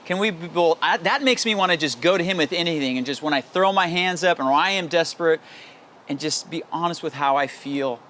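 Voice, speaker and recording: A man's voice: fairly high pitch, a little fast, sharp tone, a little hiss or hum. A male pastor giving a daily devotional sermon in an earnest, candid and personal way, with pleading, emphatic repetition.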